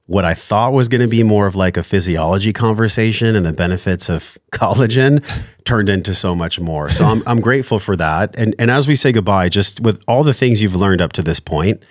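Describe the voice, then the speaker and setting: Male podcast host, low voice, earnest and heartfelt, dry close mic. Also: brisk, dry recording. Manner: earnest, heartfelt, effusive thanks. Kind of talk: casual interview chat.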